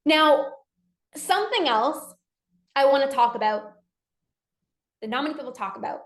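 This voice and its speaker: A woman's voice: high voice, animated, moderate pace, reverberant. A woman coach giving a casual motivational talk, speaking earnestly and acting out inner dialogue. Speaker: binge eating coach.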